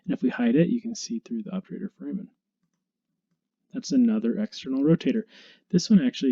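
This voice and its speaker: A man teaching anatomy in a relaxed, conversational way, walking through the muscles one by one. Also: medium pitch, a little fast, gravelly, slightly rough, lo-fi sound. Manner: relaxed and conversational, with small restarts. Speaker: instructor. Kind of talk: casual anatomy lecture.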